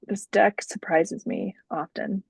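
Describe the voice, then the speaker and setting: A woman co-hosting a casual spiritual podcast, chatting gently and laughing often as she reads from an oracle deck. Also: medium pitch, steady tone, slow pace, creaky, slightly rough, no echo. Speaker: podcast co-host. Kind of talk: casual spiritual chat, reading oracle cards aloud.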